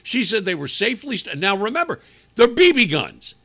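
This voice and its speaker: Indignant talk host with a raspy edge. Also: male voice, high-pitched, big pitch swings, brisk, bright, forceful tone. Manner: sarcastic, indignant, emphatic. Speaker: radio talk show host. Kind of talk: opinionated talk radio commentary.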